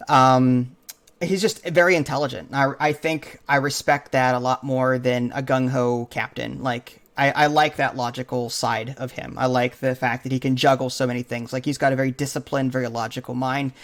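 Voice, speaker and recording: A man's voice: medium pitch, a bit bright. A man hosting a casual podcast chat, talking eagerly and retelling favourite scenes. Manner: enthusiastic, retells scenes with quoted lines. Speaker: podcast host.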